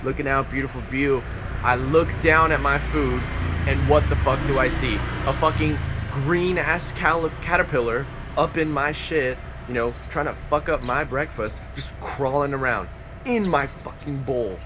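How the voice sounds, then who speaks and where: A young man in a casual travel vlog, talking to a handheld camera as he goes, swearing often and ranting in a rambling, excitable way. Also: mid-range voice, moderate pace. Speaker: travel vlogger. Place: outdoors and in cafes while traveling. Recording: noisy outdoor camera audio.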